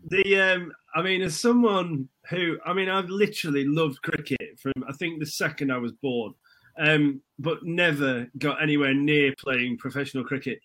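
Higher-voiced man hosting a chat. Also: fairly even intonation, moderate pace, a bit bright. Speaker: podcast host. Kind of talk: casual chat.

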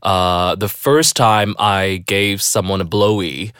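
A man's voice: low-pitched, slow, clean tone, dry recording, studio quality. A man in his thirties with a Malaysian accent, co-hosting a frank chat and telling stories with cheeky jokes. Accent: Malaysian English. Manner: cheeky, joking, animated storytelling. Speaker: podcast co-host.

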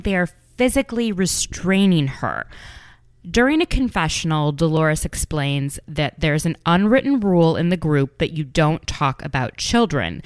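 A woman's voice: on the low side, clean tone, no echo, studio quality. Gossipy woman recapping reality TV. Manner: animated, gossipy, re-enacts quotes in character. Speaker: podcast host.

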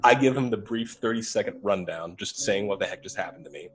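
A man's voice: lowish voice, fast talker, slight background noise. A young adult man telling a ghost story casually, acting out the dialogue with laughs. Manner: animated, acts out quoted dialogue with laughs. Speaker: paranormal investigator telling his story.

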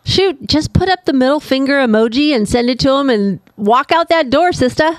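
A middle-aged woman co-hosting a casual podcast, chiming in with quick, agreeable interjections. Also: high voice, animated, no room sound. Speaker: podcast co-host. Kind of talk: casual chat.

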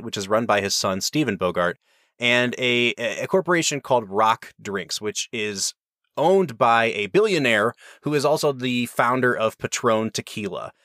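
A man's voice: medium pitch, animated, normal speed, fairly bright tone, dry recording, clean studio sound. A man hosting a whiskey review, explaining and chatting in an enthusiastic, rambling way. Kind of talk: casual review chat.

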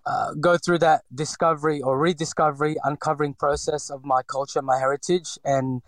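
A man's voice: a little high, flat delivery, brisk, no echo, low-quality recording. A man in his forties from the Philippines with a slight Filipino accent, telling his story in a hesitant interview full of fillers and restarts. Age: 40s. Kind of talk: reflective personal interview.

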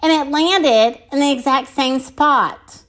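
A woman reading aloud and voicing a dreamy, thoughtful female cow who speaks gently. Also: high-pitched, takes it slowly, voice pushed up.

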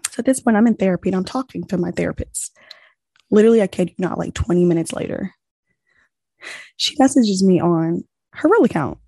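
A young woman chatting casually, telling a long story with animated retellings of quoted exchanges and lots of "like.". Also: on the low side, a little fast, creaky, husky, no room sound, clean studio sound. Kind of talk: casual chat.

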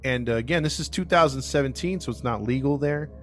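A man's voice: mid-range voice, fast, a little hiss or hum. Man retelling a true crime case. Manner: rambling, with many fillers and restarts; acts out quotes in his retelling. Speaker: podcast host narrating the case. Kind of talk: casual true crime storytelling.

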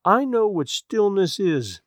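A man reading aloud voices a timid sheriff's wife who speaks in a tight, measured, hushed way. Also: lowish voice, sing-song, no room sound, studio quality. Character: timid, proper sheriff's wife, strained and nervous.

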